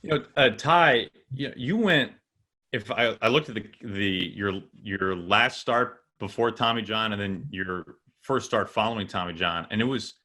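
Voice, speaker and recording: A man's voice: on the low side, a little slow, pushed and bright. A man hosting, asking conversational questions with a few restarts. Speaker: broadcaster host. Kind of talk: interview questions.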